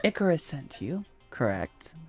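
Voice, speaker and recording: A composed dwarven businesswoman in a tabletop game, speaking evenly and without any put-on accent, as the game master puts her on. Her talk is cool and businesslike, and soft music plays faintly underneath. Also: medium pitch, very animated, a little slow, husky, full character voice. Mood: calm. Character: calm dwarven corporate executive woman. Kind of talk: in-character tabletop dialogue.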